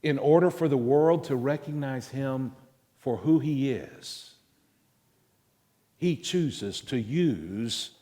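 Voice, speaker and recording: A male pastor with a drawl preaches in a deliberate, unhurried way, leaning hard on single words. His mid-pitched voice rings out through a big church hall with a long echo trailing after each phrase. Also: darkish tone. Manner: slow, emphatic preaching with stressed words and pauses. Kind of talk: sermon. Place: church sanctuary. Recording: long reverb of a large hall.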